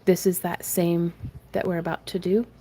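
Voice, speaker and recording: A woman's voice: lowish voice, little pitch movement, moderate pace, warm tone, breathy edge. A woman hosting a live crafting stream from her craft room, chatting in a rambling, self-deprecating way and reading viewer comments aloud. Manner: rambling and self-deprecating, laughs often, reads chat aloud. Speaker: craft tutorial host.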